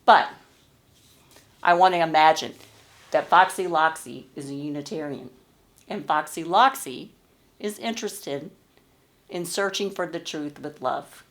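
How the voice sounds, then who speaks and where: A woman leading a service, telling a children's story in a gentle storytelling manner. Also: on the low side, lively intonation, measured pace. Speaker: worship leader.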